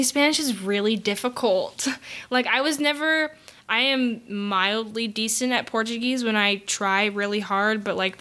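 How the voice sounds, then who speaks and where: A young woman with an American accent chats as a podcast co-host, rambling and poking fun at herself. Her voice sits a little high and sounds bright and forward. She leans on fillers and restarts. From United States. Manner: rambling, self-deprecating, many fillers. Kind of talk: casual chat.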